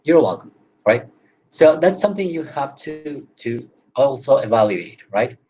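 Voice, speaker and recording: A man's voice: mid-range voice, big pitch swings, a little slow, warm tone, muffled recording. A man teaching English in an online class, explaining at length and tagging his points with "right?" and "you know".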